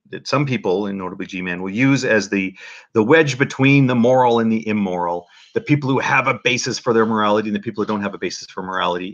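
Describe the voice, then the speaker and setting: A man giving casual spoken commentary to his audience in a halting, dry and joking way, with many restarts and fillers. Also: fairly low pitch, a bit bright, muffled recording. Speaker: video commentator.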